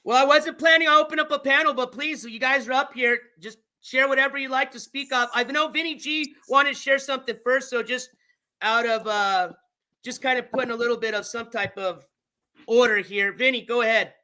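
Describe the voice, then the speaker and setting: A man hosts a casual live stream and brings guests up to the panel. His voice is very high and sharply bright, and he talks in an informal, apologetic way. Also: fairly even intonation, brisk. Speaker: stream host.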